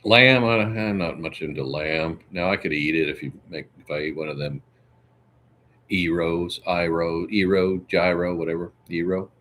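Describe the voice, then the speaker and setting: A man's voice: low-pitched, normal speed, pushed and bright, slight background noise. A man hosting a casual livestream, rambling through chat questions and answering them one by one. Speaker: livestream host.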